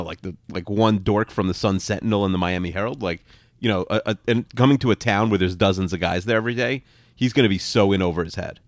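A man co-hosting a casual sports podcast, talking in rapid, rambling, opinionated bursts full of "like". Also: on the low side, no room sound, clean studio sound. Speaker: podcast co-host.

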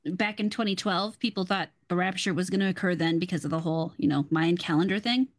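A woman's voice: fairly low pitch, quick pace. Blunt matter-of-fact woman. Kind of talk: casual chat.

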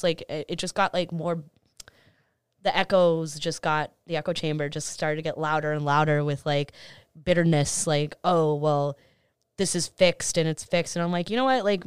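Animated low-voiced woman DJ, clear and dry. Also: no echo. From Boston area scene. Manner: animated, swearing, talks in rushes with many "like"s. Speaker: DJ, podcast guest. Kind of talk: casual podcast conversation.

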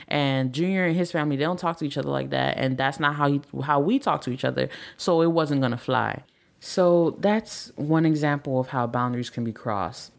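A woman's voice: rumbling low, creaky. A woman in her thirties hosting a podcast, talking casually about family and marriage, full of "like" and "right?", acting out quoted lines. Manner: chatty, repeats "like" and "right?", acts out quotes. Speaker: podcast host. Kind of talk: casual advice talk.

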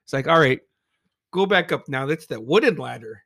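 A man's voice: medium pitch, lively intonation, moderate pace, creaky, a bit bright, no room sound, studio quality. A man telling a childhood story in casual chat, swearing freely, laughing often and acting out his friends' voices. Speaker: podcast co-host.

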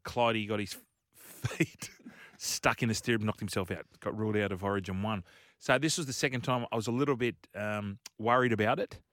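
A man's voice: lowish voice, fairly quick, a bit bright, no echo. An Australian man co-hosting a casual radio show on a studio microphone, telling rambling stories and chuckling along the way. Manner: rambling anecdotal storyteller who chuckles mid-story. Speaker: radio co-host.

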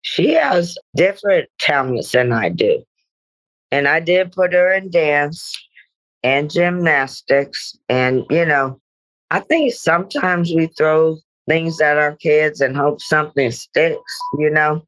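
A woman's voice: deep voice, takes it slowly, rough recording. A middle-aged woman, a guest actress, speaking reflectively in a podcast interview with meandering "you know" asides.

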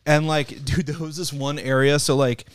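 A man's voice: on the high side, steady tone, moderate pace, smooth, dry recording, studio quality. A man co-hosting a podcast, telling rambling stories in casual chat, laughing and swearing often. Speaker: podcast co-host.

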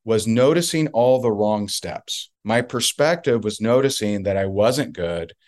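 A man's voice: lowish voice, animated, unhurried, darkish tone. A man being interviewed as a guest, telling a story emphatically and repeating points for effect. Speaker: guest, network marketer.

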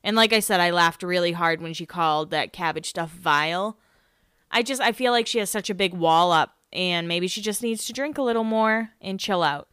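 A young woman hosting a casual solo podcast, rambling and chatty with lots of fillers, her pitch jumping when she gets excited. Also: normal speed, smooth, dry recording, studio quality. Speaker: podcast host.

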